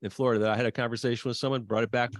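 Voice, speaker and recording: A man appearing as a guest on a business podcast, telling stories with pride and enthusiasm and quick bursts of speech. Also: mid-range voice, level tone, no echo.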